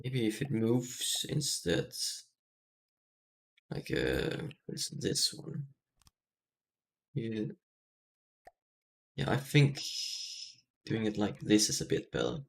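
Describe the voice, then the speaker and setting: Male streamer, slow, gravelly, thinking aloud, self-deprecating. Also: lowish voice, very animated. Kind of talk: casual gameplay commentary.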